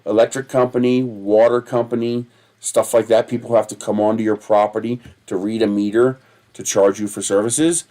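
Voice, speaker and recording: A man's voice: mid-range voice, a little mellow. A man hosting a casual livestream, telling rambling stories with a lot of swearing and laughing at himself. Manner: digressive, profane, laughs at his own stories. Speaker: livestream host.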